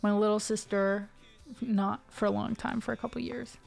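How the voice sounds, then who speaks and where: An Ohio woman in her twenties who streams music chats to her live audience in a meandering way, full of fillers and tangents, with soft music in the background. Her accent is neutral General American. She speaks at a moderate pace in a steady, mid-range voice that is creaky and slightly dark.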